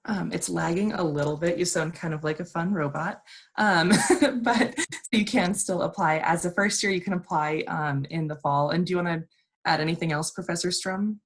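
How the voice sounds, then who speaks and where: A woman moderating a panel Q&A over a video call, upbeat and quick to laugh. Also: on the low side. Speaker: webinar moderator.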